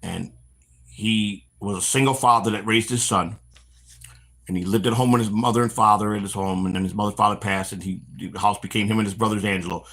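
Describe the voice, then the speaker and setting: A middle-aged man from the Chicago area with a husky, slightly rough voice rattles off stories at a quick clip. He hosts a walk-and-talk stream outdoors, restarting sentences often and slipping into the voices of the people in his tales. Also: lowish voice. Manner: animated storyteller, acts out quoted voices, frequent restarts. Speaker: stream host.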